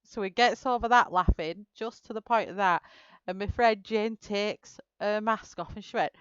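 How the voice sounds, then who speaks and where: A woman's voice: mid-range voice, moderate pace, smooth, no room sound, highs cut off. A woman hosting a colouring live stream, telling a story in casual chat and laughing through her words.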